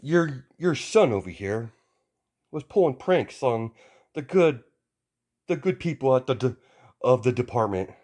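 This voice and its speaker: A man voicing a cheerful, loud male hero who scolds like a stern but friendly father, in an amateur fan story. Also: mid-range voice, lively intonation, unhurried, pauses often, voice pushed up, close to an everyday voice. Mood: amused.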